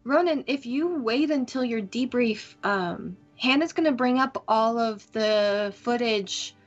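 A woman's voice: a little high, measured pace, faint music behind. A woman voicing a friendly adult man who speaks casually to a comrade. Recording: muffled lo-fi audio.

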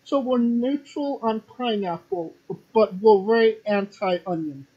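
A host asking casual interview questions with a dry, relaxed humor. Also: medium pitch, slow pace, husky, highs cut off. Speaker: podcast host.

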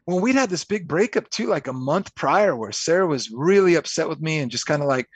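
Man, casual podcast storyteller, rapid delivery, husky edge, dry close sound. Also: fairly high pitch, no room sound. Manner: animated storyteller, quick, acts out quotes. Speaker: podcast guest.

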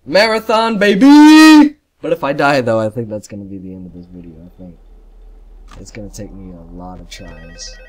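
A man commentating a horror game while losing his voice, joking with the characters and yelping loudly at scares. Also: low-pitched, brisk, noisy background. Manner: jokey banter with game characters, yelps and shouts at jump scares. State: losing his voice, a bit sick. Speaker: gameplay commentator.

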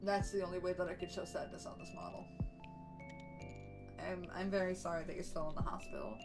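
A woman's voice: fairly low pitch, a little fast, music in the background, rough recording. A young woman streaming from home, chatting casually with her viewers in a bubbly, chatty way. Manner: chatty, bubbly, coos baby talk to her dogs. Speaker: VTuber streamer. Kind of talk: casual live-stream chat.

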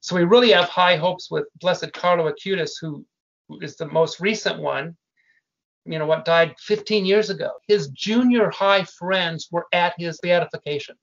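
A man's voice: high voice, moderate pace, vocal fry, fairly bright tone. An older man speaking as a guest in casual conversation, an earnest storyteller who often restarts his sentences. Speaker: guest, family business founder. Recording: muffled lo-fi audio.

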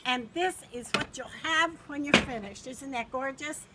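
A woman's voice: sits high, moderate pace, lightly acted. An older woman doing an impression of a famous TV chef in a playful mock cooking demo, fluttery and exclaiming as she bosses her helper in a home kitchen. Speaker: grandmother hosting a mock cooking show. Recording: home video with loud background noise.

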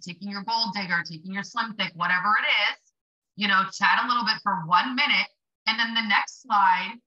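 Blunt, chatty woman with a very bright voice. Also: mid-range voice, highs cut off. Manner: blunt, chatty, swears for emphasis. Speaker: livestream host coaching small business sellers. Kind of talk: casual motivational live stream.

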